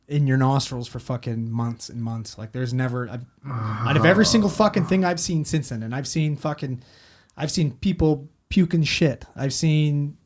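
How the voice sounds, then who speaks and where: A man's voice: mid-range voice, normal speed. A man, a paramedic telling a story in casual podcast chat, profane and rambling as he acts out quotes.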